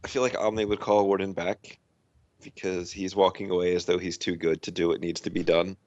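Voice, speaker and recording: A man's voice: low-pitched, flat delivery, brisk, darkish tone, dry recording, dull audio. A man playing a tabletop role-playing game over voice chat, playful and teasing. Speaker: player.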